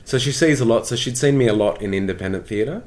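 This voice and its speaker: An actor from Tasmania with an Australian accent, chatting through anecdotes in a casual, self-deprecating way during an interview. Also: male voice, mid-range voice, quick pace.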